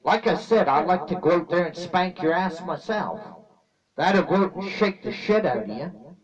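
A man's voice: high voice, lively intonation, normal speed. A man ranting angrily at speeders on his vlog, swearing constantly and repeating threats. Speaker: YouTube vlogger. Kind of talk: angry profane rant to camera. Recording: muffled distant mic with crowd noise.

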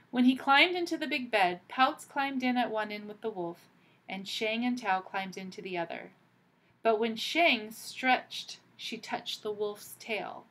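A woman teacher reading a picture book aloud to children, pausing gently to ask them questions. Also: medium pitch.

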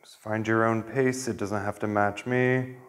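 A man with a somewhat low voice leads a kundalini yoga class. He talks his students through breathing in a relaxed, gentle way, with an easy sense of humor. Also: unhurried, heavy background noise. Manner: relaxed, gentle instruction with light laughter. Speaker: yoga teacher.

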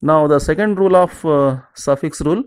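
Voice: darkish tone, smooth. Teacher drilling word lists. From southern India. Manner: repetitive, drills word lists, says each example word slowly and lower. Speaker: English teacher. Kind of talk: exam-prep grammar lesson.

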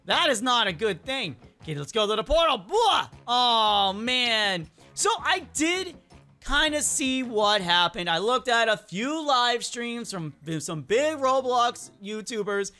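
Woman, gaming YouTuber, excitable, chatty, high voice, bright tone. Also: a little slow, faint music behind. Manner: excitable, chatty, talks to the game characters. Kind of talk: let's-play commentary.

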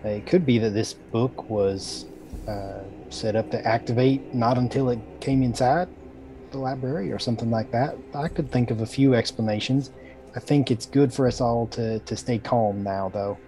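Male player in character, warm and calm, reasoning through things. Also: mid-range voice, moderate pace, a little hiss or hum, poor audio. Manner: calm, reasoning, a little hesitant. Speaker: tabletop game player. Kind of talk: in-character role-play. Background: faint background music.

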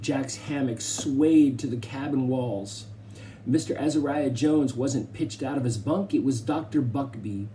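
A man narrates a novel aloud with measured, expressive pacing. His tone is mellow and dark, with a faint hiss of noise behind him. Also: mid-range voice. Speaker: audiobook reader. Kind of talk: scripted narration.

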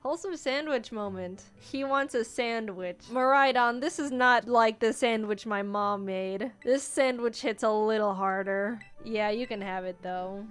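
A young woman in her twenties casually commenting while playing a video game, often jumping high when excited. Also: a little slow, few pauses, smooth. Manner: excitable, squeals high at cute creatures. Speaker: gaming YouTuber. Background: faint game music.

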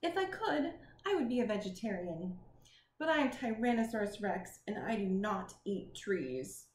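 A woman reading a picture book aloud in the voice of a gentle, puzzled young male T. rex, speaking slowly and deliberately. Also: mid-range voice, very animated, natural voice. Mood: wondering. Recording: roomy with faint noise.

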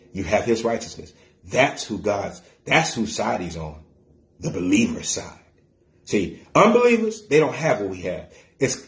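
A middle-aged man preaching a sermon as pastor, plain-spoken and colloquial, getting excited and breaking into bits of gospel song. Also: mid-range voice, echoey room. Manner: excitable, shouts and sings snatches of gospel songs.

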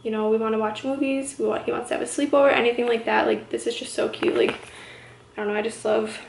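A woman's voice: a little high, level tone, quick pace, gravelly, roomy sound, rough recording. Breathless pregnant young woman, chatty. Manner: chatty, upbeat, many fillers. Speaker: vlogger. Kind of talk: casual haul vlog. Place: home.

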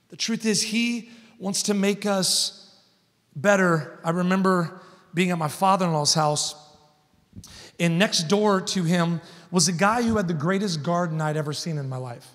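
Man, 30s, guest preacher; storytelling sermon with rising emphatic peaks, higher voice, reverberant sanctuary. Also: measured pace. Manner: storytelling, builds to loud emphatic points. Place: large church hall. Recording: long church hall reverb.

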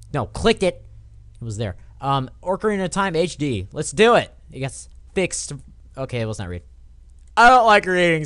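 A young man doing casual let's play commentary, swearing and yelling at the game, then dropping to a quiet mutter. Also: fairly high pitch, vocal fry, no room sound, studio quality. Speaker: gamer.

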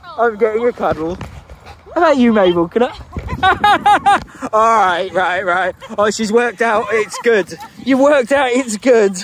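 A Glaswegian woman, a professional dog walker, narrating a casual vlog outdoors in the fields and breaking into high sing-song baby talk with the dogs. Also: lively intonation, measured pace, a little hiss or hum. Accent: Glaswegian Scottish. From Glasgow, Scotland.

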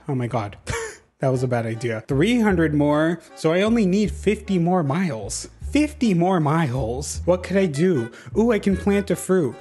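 A man giving casual gameplay commentary as a YouTuber, chatty and excitable, laughing often. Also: fairly high pitch, a little slow, faint music behind. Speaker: gaming YouTuber.

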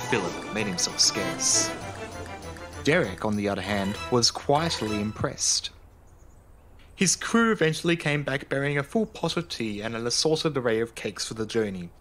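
A man reading a children's railway story as narrator, in a calm, even storybook manner. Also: medium pitch, moderate pace. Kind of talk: scripted narration. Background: music.

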